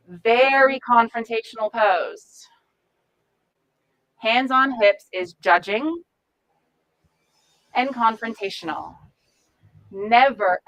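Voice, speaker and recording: A woman leading an informal volunteer training session, talking frankly with lively asides. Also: on the high side, low-quality recording. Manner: frank, animated, chatty with asides and laughs.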